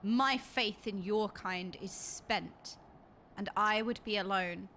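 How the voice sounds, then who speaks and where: Woman doing a deep weary dragon, ancient and bitter, solemn old-world speech, slow heavy delivery, game scene. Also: a bit bright, a little hiss or hum. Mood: grave.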